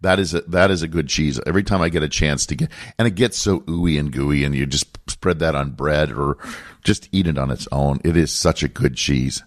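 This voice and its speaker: A middle-aged man, a podcast co-host, chatting casually and telling relaxed stories. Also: very deep voice, moderate pace. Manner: relaxed, storytelling. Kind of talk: casual chat.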